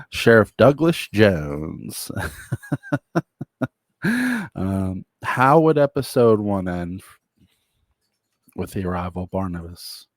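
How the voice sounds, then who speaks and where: A man with a deep voice walks through an imagined show episode at an unhurried pace. He rambles, restarts, and chuckles as he goes. The recording is close and dry. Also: dry recording. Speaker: fan pitching a show episode. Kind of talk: casual retelling.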